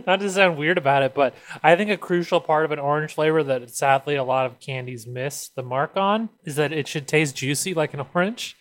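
A man with a voice a bit above the usual pitch talks through a snack tasting in a chatty, detailed way. He sounds amused and relaxed, with easy laughs. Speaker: co-host. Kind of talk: casual podcast snack review.

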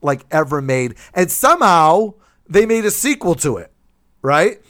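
A man co-hosting a podcast, ranting loudly in a joking way during casual chat. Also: on the high side, measured pace. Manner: loud and animated, jokey rants. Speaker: podcast co-host.

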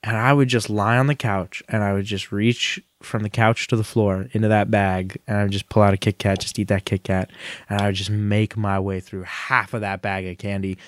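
A man's voice: on the low side, flat delivery, moderate pace, dry recording. A man in his thirties co-hosting a podcast, chatting casually with jokey asides and silly impressions. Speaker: podcast co-host. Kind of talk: casual chat.

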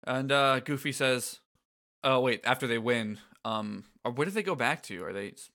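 Brief: man, sarcastic podcast co-host, bright tense voice, casual. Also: mid-range voice, normal speed. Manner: wry, sarcastic, swears casually. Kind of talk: casual recap chat.

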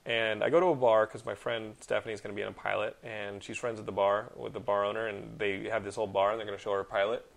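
A man in his thirties hosting a podcast, telling stories in casual chat with lots of swearing and animated outbursts. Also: on the low side, quick pace, vocal fry, hardly any pauses. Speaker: podcast host.

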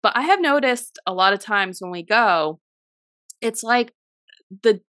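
A young woman co-hosting a podcast, telling stories in animated casual chat, swearing freely and saying "like" a lot. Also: medium pitch, measured pace, no room sound, clean studio sound. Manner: animated storyteller, swears freely, heavy use of "like". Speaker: podcast co-host.

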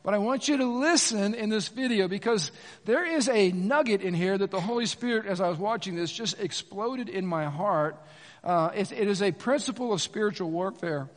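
High-voiced pastor preaching in an echoing hall. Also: male voice, normal speed. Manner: energetic, conversational preaching with asides to the congregation. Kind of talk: sermon. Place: church sanctuary. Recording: long reverb of a church hall.

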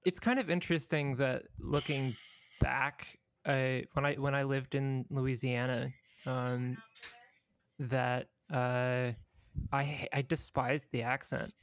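A man from Utah co-hosting a podcast in casual chat, relaxed and reflective, halting with fillers. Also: mid-range voice, dry recording. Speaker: podcast co-host.

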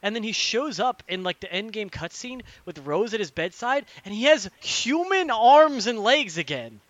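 A young man in casual podcast chat, ranting animatedly and swearing, acting out characters in quick impressions. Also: sits high, very animated, fairly bright tone, no echo.

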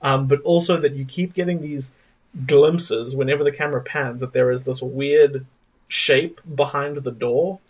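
Man, podcast co-host, enthusiastic casual chat, husky, dull lo-fi remote audio. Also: medium pitch, fairly even intonation, normal speed. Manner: enthusiastic, many fillers.

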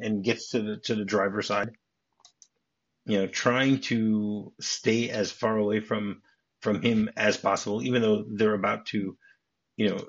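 A man's voice: on the low side, fairly bright tone, breathy edge, lo-fi sound. A man hosting a podcast, casually retelling movie scenes with many restarts and acted-out lines. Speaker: podcast host.

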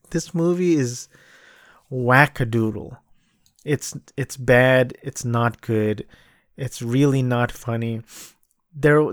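A man's voice: mid-range voice, no room sound, studio quality. Blunt, exasperated man reviewing movies. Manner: blunt, exasperated, repeats himself for emphasis. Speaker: podcast host reviewing movies and plays. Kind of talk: casual solo review talk.

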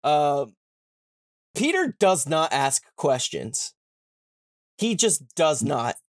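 Sounding fairly high and sing-song, a podcast host irreverently retells a book, full of swearing and fast slangy paraphrases of the characters. The studio sound is clean, with no room sound.

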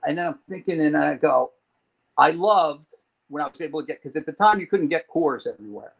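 This man's voice is a little high and husky with vocal fry, moving at a brisk pace on lo-fi sound. A New Jersey native and podcast guest, he tells a long personal story, animatedly acting out the people in it and cursing casually.

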